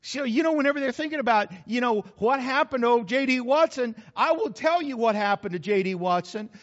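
A man's voice: very high-pitched, lively intonation, a little fast. A middle-aged man preaching a conversational sermon, talking directly to his congregation and repeating key phrases for emphasis. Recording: muffled hall recording with long reverb.

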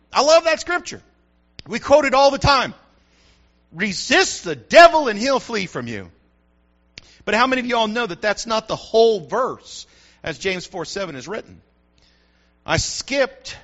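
High, lively pastor preaching. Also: male voice. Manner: preachy call-and-response, "come on" asides. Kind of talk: sermon. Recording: dull lo-fi sound.

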